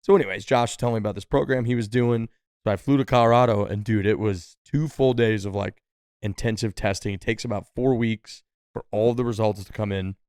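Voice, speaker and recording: Podcast dude rambling thru a story, kinda low voice, lots of likes, dry close sound. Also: male voice, fairly even intonation, fairly quick, a little mellow, clean tone, no echo. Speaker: podcast co-host. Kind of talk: casual storytelling.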